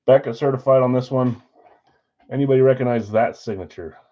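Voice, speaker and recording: A man hosts a live stream card break in a relaxed, chatty way, thinking aloud as he works and brightening for each countdown. His voice sits at an ordinary middle pitch. The stream audio is slightly dull and lo-fi. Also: brisk.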